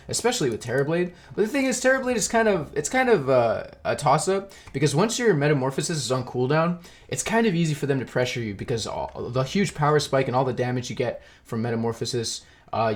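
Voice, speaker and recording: Young man casually casting a game. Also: medium pitch. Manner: rambling, self-deprecating, laughs often. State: eating while talking. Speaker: esports caster. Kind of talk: casual solo game commentary.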